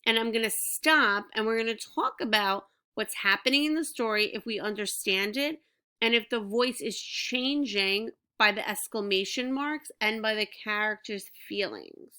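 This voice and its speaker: A woman teacher giving a reading lesson to young children, speaking slowly and clearly in an encouraging way. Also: medium pitch, pushed and bright. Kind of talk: recorded classroom reading lesson.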